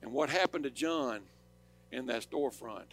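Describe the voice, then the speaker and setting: A man with a Southern accent preaching a sermon, rising to loud, urgent declarations and dropping to quiet storytelling. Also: mid-range voice, normal speed, soft background music. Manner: impassioned, swings from loud preaching to soft storytelling. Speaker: pastor.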